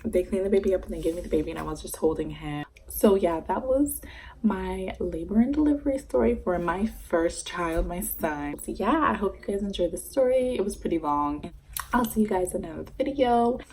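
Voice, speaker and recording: A young woman telling a story-time vlog in a casual, animated way, swearing freely as she goes. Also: lowish voice, brisk, slight background noise, low-quality recording. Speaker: vlogger.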